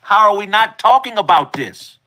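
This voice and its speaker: High-pitched, insistent ranting man. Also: animated, moderate pace, sharp tone. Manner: insistent and repetitive. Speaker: online commentator in a played clip. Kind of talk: ranting social media commentary.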